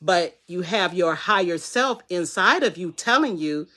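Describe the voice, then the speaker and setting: A speaker giving a live motivational talk at a middling pitch, loose and conversational, slipping into quoted inner voices to make a point. Key phrases get repeated for emphasis, like a coach talking straight to the viewer. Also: animated, unhurried, bright, forceful tone. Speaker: wellness coach.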